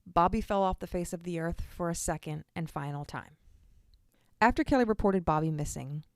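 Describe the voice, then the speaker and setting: Low-voiced woman hosting a true crime podcast. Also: normal speed, no echo. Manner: earnest, direct asides to listeners. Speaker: podcast host.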